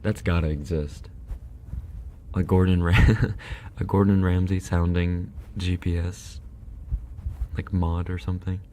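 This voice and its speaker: A man's voice: deep voice, level tone, slow pace, long pauses, warm tone, a little hiss or hum. A sleepy man hosting a casual ASMR live stream into a binaural dummy-head mic, joking in a crude, laid-back way. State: sleepy with coughs. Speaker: streamer host.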